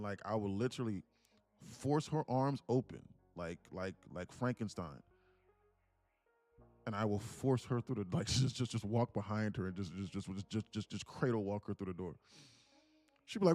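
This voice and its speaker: Low mellow-voiced man chatting on a stream. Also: animated, fairly quick, faint music behind. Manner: rambling, laughs through stories, many fillers. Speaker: livestream host, day trader. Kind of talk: casual live-stream chat.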